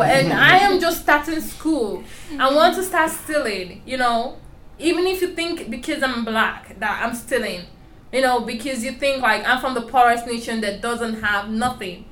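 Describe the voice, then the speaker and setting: A woman's voice: fairly high pitch, lively intonation, moderate pace, fairly bright tone, slight background noise. A young woman with a strong foreign accent, telling her story candidly and emphatically in an interview. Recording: roomy echo with faint ambience.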